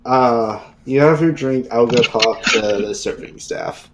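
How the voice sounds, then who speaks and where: A man in the middle of a tabletop role-play, slipping into a private investigator character. His voice is mid-pitched and plain, and his asides come out dry and wry. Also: a little slow, very noisy. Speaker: player.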